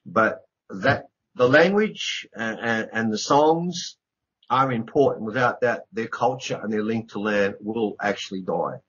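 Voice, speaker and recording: A man's voice: fairly low pitch, a little slow, a bit bright, slightly rough. A middle-aged man, an author speaking as a radio interview guest, earnest and emphatic, repeating words for stress. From Australia. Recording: dull lo-fi radio recording.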